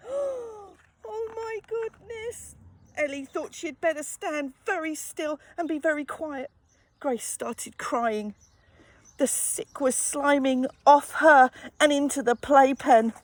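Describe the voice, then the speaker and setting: A woman reading a children's picture book aloud, gently expressive and adding sympathetic asides. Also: high-pitched, slow, dry recording. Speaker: storyteller.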